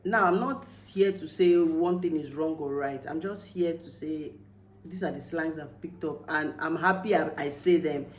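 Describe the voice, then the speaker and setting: A woman with a Nigerian accent talks casually to her viewers, turning animated when she acts out everyday phrases. Her voice sits low, and the room gives it a roomy echo with a faint hum behind. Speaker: vlogger. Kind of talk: casual explainer vlog.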